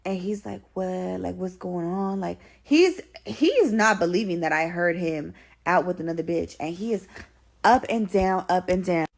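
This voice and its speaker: A woman telling a story in a casual get-ready-with-me storytime, animated and slangy, swearing freely. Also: lowish voice, normal speed.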